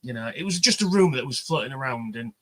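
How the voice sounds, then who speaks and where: A man telling an animated story on a livestream panel, swearing freely and acting out the voices of the people he quotes. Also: mid-range voice, quick pace, low-quality recording. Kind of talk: casual chat, storytelling.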